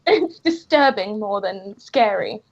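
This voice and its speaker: A woman's voice: medium pitch, animated, takes it slowly. A woman, a guest comic creator, chatting casually and laughing easily. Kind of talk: casual chat. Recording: muffled lo-fi audio.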